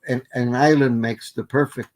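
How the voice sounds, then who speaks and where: A man's voice: mid-range voice, fairly even intonation, normal speed. An older man giving an academic plenary lecture, methodically listing word forms with frequent fillers and restarts. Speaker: linguistics lecturer.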